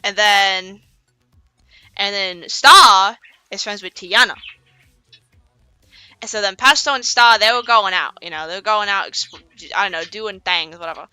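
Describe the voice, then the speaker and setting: A woman's voice: medium pitch, unhurried, long pauses, pushed and bright, smooth, no room sound, soft background music, rough recording. A woman streamer telling a story on a casual stream, rambling and profane, with lots of fillers.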